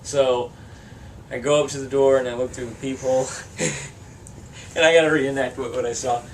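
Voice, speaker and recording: A man's voice: mid-range voice, steady tone, normal speed. Young man rambling profanely through a story. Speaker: band member. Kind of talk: casual storytelling in an interview. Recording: distant mic with faint room noise.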